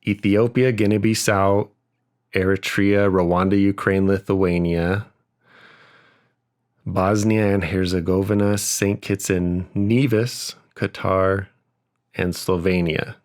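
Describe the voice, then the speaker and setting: A young man with a fairly low voice, hosting a relaxed podcast. He rattles off a long list in a quick, half-sung rhythm. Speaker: podcast host. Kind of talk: casual podcast recitation.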